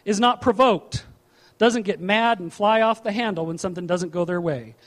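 A male pastor preaching a sermon in an animated, humorous way, repeating his key phrases. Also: high-pitched, moderate pace.

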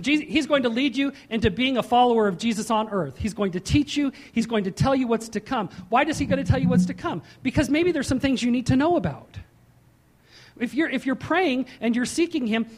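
A man preaching a sermon as pastor, slowing down to stress key points and dropping into chatty storytelling. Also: very high-pitched. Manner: emphatic, slows and rises for key points, then drops into chatty storytelling.

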